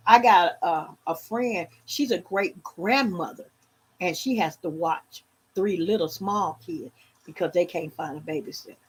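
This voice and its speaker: This vlogger is a fifties-aged woman from Louisiana whose Southern-accented voice sits fairly low and sounds husky. Livestreaming from home, she chats casually and animatedly, calling her viewers "y'all."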